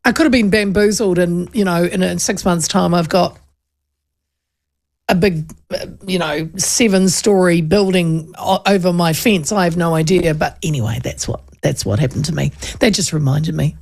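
A woman's voice: lowish voice, moderate pace, creaky, darkish tone. A middle-aged woman with a New Zealand accent, hosting a show and telling stories in a chatty way, laughing often. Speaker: radio host. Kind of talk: casual chat.

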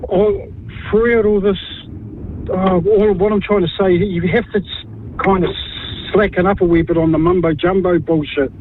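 Blunt New Zealand caller on a phone line. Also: male voice, high-pitched, steady tone. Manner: halting, blunt, aggrieved. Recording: tinny phone line with faint noise.

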